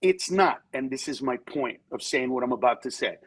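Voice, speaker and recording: A comedian guest on a talk show, telling candid stories and acting out the people in them. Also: male voice, medium pitch, moderate pace, husky, poor audio. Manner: animated storyteller who acts out voices in quotes.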